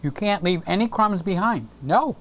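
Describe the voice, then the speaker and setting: A woman's voice: medium pitch, expressive, normal speed. A woman hosting a live stream in a casual, playful way, reading viewer comments aloud, teasing, and now and then breaking into a sung snippet.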